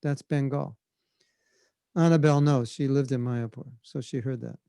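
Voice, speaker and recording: Relaxed male spiritual teacher, conversational storyteller, slightly raised pitch, dry close mic. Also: moderate pace, gravelly, no echo. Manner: relaxed, conversational, demonstrates chanting. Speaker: spiritual teacher answering questions. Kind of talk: storytelling Q&A on a video call. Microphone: video call.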